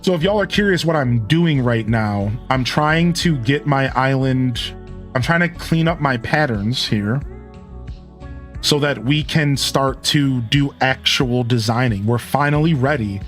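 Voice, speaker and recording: A man's voice: medium pitch, measured pace, soft background music. A man streaming live, chatting in a rambling, casual way and answering his chat.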